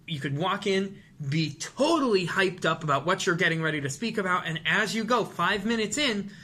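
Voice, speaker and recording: A man teaching presentation skills to camera, animated and demonstrative, sometimes acting out rushed nervous speech. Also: on the high side. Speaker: vocal and presentation coach. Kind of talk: instructional talk to camera.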